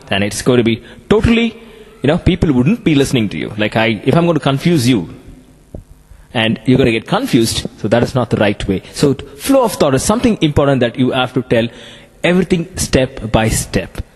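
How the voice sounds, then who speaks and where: A man with an Indian English accent, giving a classroom lecture on communication skills in an animated way. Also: mid-range voice, fairly quick, husky, in a large hall.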